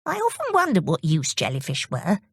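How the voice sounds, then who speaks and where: A woman's voice: on the low side, wildly swooping pitch, a little fast, vocal fry, slightly rough, no echo, full character voice. A woman voicing an eager, curious young boy in a storybook reading, in a voice close to her own.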